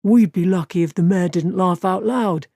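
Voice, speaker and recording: A woman reading a slow, doubtful young man. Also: on the low side, mellow, dry recording, clean studio sound. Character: slow, cautious young blacksmith's apprentice.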